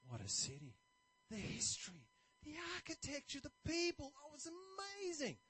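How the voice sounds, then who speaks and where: Brief: a preacher doing a giddy male traveler, raised pitch, gushing delight. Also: wildly swooping pitch, normal speed, bright, forceful tone, full character voice. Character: overjoyed male traveler back from a dream trip.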